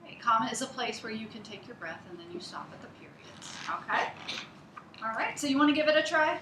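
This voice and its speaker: A woman's voice: on the high side, expressive, brisk, background noise. A woman teacher giving a one-on-one reading lesson, explaining things patiently, step by step. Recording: echoey room.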